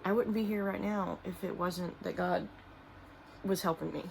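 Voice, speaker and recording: A middle-aged woman talks casually to the camera about her handmade products, often pausing and trailing off with fillers. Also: lowish voice, fairly even intonation, vocal fry, slight background noise, rough recording. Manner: halting, many fillers and trailing restarts; soft-spoken and emotional at times. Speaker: small business owner and artist. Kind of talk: casual vlog talking to camera while showing products.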